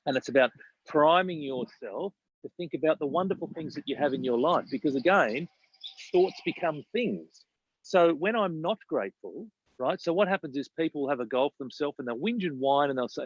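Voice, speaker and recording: A man's voice: a little high, expressive, fairly quick, no echo, highs cut off. A man, a business coach talking emphatically in casual podcast chat, often repeating himself and asking "right?".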